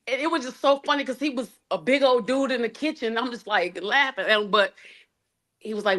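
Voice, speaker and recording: A woman with a fairly high voice, speaking as a mother in a live interview. She talks in a halting, heartfelt, colloquial way, circling back and restarting as she remembers. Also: fairly bright tone. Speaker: mother of the deceased, guest. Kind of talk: emotional personal testimony in a live interview.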